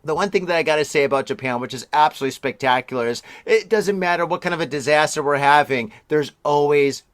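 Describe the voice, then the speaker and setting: An excitable middle-aged man chats his way through the week's news as a podcast host, his voice a touch husky from a recent throat illness. He speaks a little higher than most men, exclaiming and laughing as he goes. The recording is dry and close, with no room sound. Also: fast, no room sound. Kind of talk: casual news chat. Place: Tokyo.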